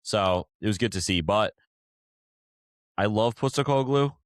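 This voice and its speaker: A man's voice: lowish voice, a little slow, no echo, studio quality. A man co-hosting a podcast, chatting casually about football in a rambling way with lots of fillers and restarts. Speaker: podcast co-host.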